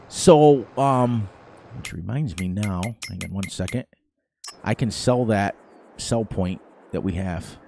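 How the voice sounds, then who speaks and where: A man's voice: on the low side, darkish tone, a little hiss or hum. A middle-aged man hosting a gaming channel, chatting casually over gameplay and telling rambling stories with frequent laughter.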